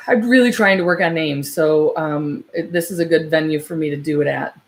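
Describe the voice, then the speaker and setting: A woman working as a psychic medium, giving a live reading, hesitant and searching with many fillers and restarts, turning soft and slow when she passes on messages. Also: sits low.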